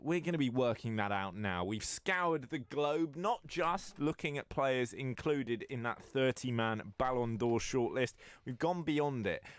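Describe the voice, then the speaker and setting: A male sports radio host talks in a mid-pitched voice that swings widely up and down. He runs the debate with mock-serious authority. The studio microphone sounds close and dry. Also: no room sound. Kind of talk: casual sports radio chat.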